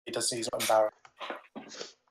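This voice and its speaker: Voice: medium pitch, completely flat delivery, measured pace, reverberant, background noise. Un joueur de jeu de rôle espiègle qui répète ses répliques avec insistance, dans une pièce où la voix résonne. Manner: playful, repeating lines insistently. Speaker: player. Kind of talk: tabletop game play.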